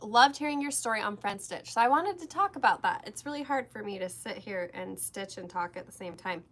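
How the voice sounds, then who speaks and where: A woman's voice: mid-range voice, lively intonation, fairly quick, fairly bright tone. A woman co-hosting a casual craft-shop livestream, chatting and laughing while she stitches. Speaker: shop co-host.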